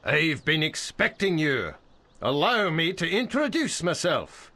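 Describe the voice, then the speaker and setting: A man's voice: a little high, big pitch swings, a little slow, bright, forceful tone, full character voice. An actor playing a stammering, overly formal male messenger in a fantasy game, flustered and eager to please. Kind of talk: game voice acting.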